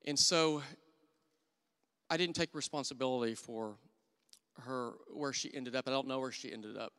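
A middle-aged man preaches with earnest warmth of conviction, telling stories from his own life. His voice is smooth and resonant, and it carries through a church hall with a long reverb tail. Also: medium pitch, moderate pace. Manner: earnest storytelling, drops to hushed voice for quoted thoughts. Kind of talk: sermon with personal stories.

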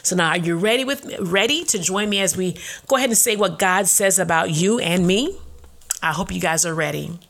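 A woman hosting a devotional podcast, speaking earnestly and reading affirmations slowly and deliberately. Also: fairly low pitch, creaky, a bit bright. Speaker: podcast host.

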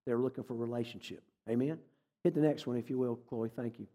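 As a guest speaker in a church hall, a man delivers a folksy, conversational sermon full of stories and jokes with the congregation. His medium-pitched voice is steady, warm, and fast, and the recording is reverberant.

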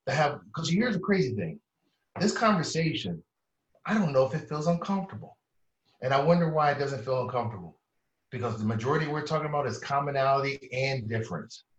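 A man with a mid-range voice tells animated stories, full of slang and sudden high-pitched impressions of the people he quotes. He sounds distant from the mic in an echoey room. The sound is a little dull. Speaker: therapist, interview guest. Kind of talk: animated storytelling in conversation.

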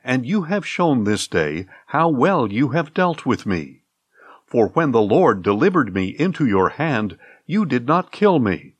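A man's voice: mid-range voice, big pitch swings, unhurried, husky, no echo, lo-fi sound. A man reading the contrite words of a humbled, remorseful king.

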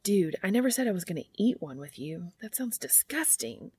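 A woman's voice: mid-range voice, very animated, normal speed, a little mellow, breathy edge, no room sound. A woman voicing an earnest younger brother who presses hard and gets exasperated.

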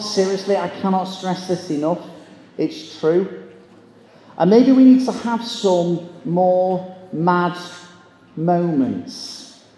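Warm in tone and high in pitch, this male keynote speaker entertains a live audience with a humorous motivational talk. His comic storytelling includes acting out the people he quotes, and the recording carries the echo of a big hall.

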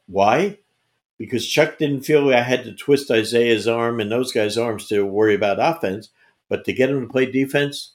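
An older man, a veteran basketball coach, answering interview questions with emphatic anecdotes and frequent restarts. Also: medium pitch. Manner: emphatic, repeats words, tells anecdotes. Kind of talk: conversational interview storytelling.

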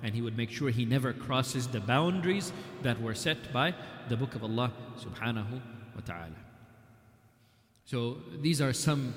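A man of middle pitch lectures on religious history, retelling events through dialogue and recited scripture. His voice rings out in a large, roomy hall with a long reverb tail.

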